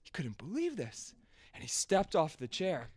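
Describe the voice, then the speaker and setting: Animated high-voiced male storyteller. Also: a little slow, husky. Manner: animated, swinging from loud to hushed, sound effects. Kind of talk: folk tale storytelling.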